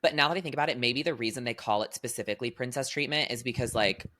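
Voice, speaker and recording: A young woman co-hosting a podcast in casual chat, animated and quick to laugh, dropping "literally" and "like" often. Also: very deep voice, a little hiss or hum. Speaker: podcast co-host.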